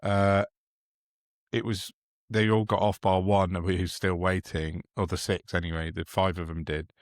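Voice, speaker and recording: A man's voice: low voice, level tone, moderate pace, no room sound, clean studio sound. An English man co-hosting a political podcast, talking casually and reading out quotes with plenty of ums and restarts. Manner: hesitant, reads out quotes with many fillers. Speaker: podcast co-host.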